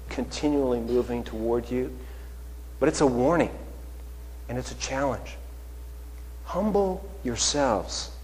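Pastor preaching in a reverberant hall. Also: male voice, medium pitch. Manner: conversational preaching with rhetorical questions and swings in loudness. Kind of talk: sermon. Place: church sanctuary. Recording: long reverb of a large hall.

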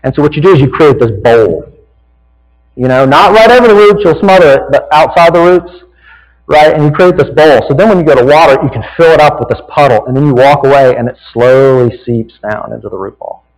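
A man's voice: a little high, fairly quick, long reverb tail, poor audio. Man preaching with a Southern drawl. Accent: Southern American. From American South. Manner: folksy, conversational preaching with repeated "right?". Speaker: pastor. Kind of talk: sermon.

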